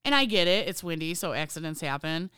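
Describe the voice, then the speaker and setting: A woman's voice: lowish voice, lively intonation, fairly quick, sharp tone, clear, resonant tone, no room sound, clean studio sound. A woman talking casually as a guest about her merchandising job, swearing freely and telling stories with energy. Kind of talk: casual chat.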